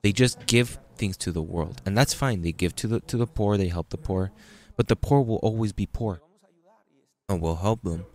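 A man's voice: sits low, moderate pace, a little mellow. A man preaching a sermon in a conversational way, reading scripture and telling everyday stories. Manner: conversational preaching, restarts, reads scripture aloud. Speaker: pastor.

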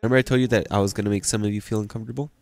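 Guy preaching a sermon, kinda low voice, talks plain and gets fired up, repeats himself a lot. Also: racing, no echo. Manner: animated, plain-spoken, repeats and restarts phrases.

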